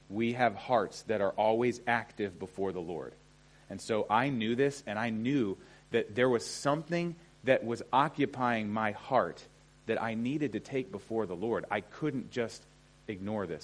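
A middle-aged man preaching a sermon in a conversational way, often checking in with his listeners. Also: on the low side. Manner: conversational, often asks "okay?". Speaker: pastor.

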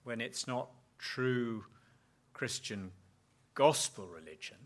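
A man preaching a sermon, slowing down to stress key phrases and acting out short quoted exchanges. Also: mid-range voice, lively intonation. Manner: emphatic, slows down for key words, acts out quoted dialogue.

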